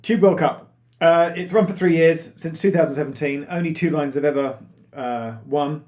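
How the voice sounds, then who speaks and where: A man's voice: on the high side, moderate pace, a little mellow. A man co-hosting a casual quiz night stream, chatty and self-mocking, rambling through facts. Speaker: quiz co-host. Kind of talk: casual live-stream chat.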